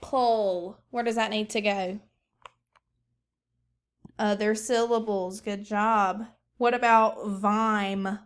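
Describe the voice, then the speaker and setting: Slow, patient woman teaching phonics. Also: medium pitch, steady tone. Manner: slow, patient, drawn-out sounding out of syllables. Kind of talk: recorded phonics lesson for children.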